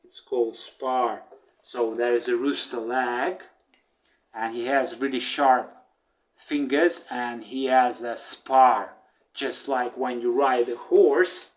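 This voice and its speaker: A man's voice: mid-range voice, steady tone, slow pace. A man teaching through a story, using simple words and repeating and explaining things for learners. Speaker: language teacher telling a story. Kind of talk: slow story-listening lesson.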